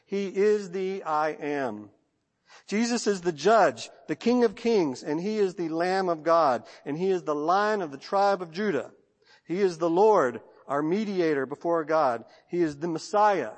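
A Texan man preaching a sermon as pastor, in a rhythmic cadence with long lists and soft drops at line ends. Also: on the high side, lively intonation, measured pace. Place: church sanctuary. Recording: long church reverb.

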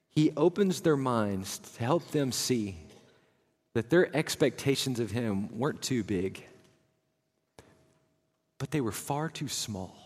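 A man preaching a sermon as dramatic storytelling, moving from hushed, somber lines to fervent, rising passages. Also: mid-range voice, long reverb tail. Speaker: pastor.

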